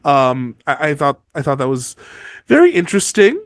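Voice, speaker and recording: A man's voice: on the high side, very animated, moderate pace, dry recording, clean studio sound. A man co-hosting a podcast, chatting casually about a book series, rambling with lots of fillers. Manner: rambling, many "like" fillers, mock outrage. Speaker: podcast co-host. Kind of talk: casual book-discussion chat.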